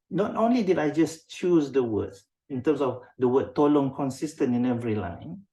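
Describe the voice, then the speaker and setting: A man's voice: fairly high pitch, darkish tone. A man with a Malaysian accent teaching a class on writing quotes, calling on students by name and checking in with them often. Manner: code-switching, often checks in with a questioning "yeah?". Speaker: writing instructor. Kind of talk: interactive classroom lesson.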